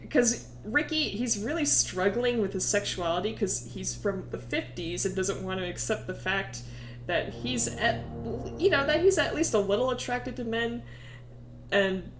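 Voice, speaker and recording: A young woman streamer retelling game lore in a casual, animated way, swearing and often breaking into laughter. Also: medium pitch, reverberant.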